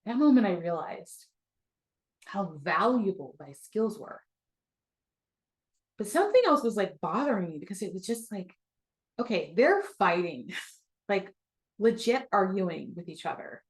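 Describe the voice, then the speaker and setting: Woman coach, storytelling masterclass, animated, laughs often, acts out quotes. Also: medium pitch, measured pace, long pauses. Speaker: business coach.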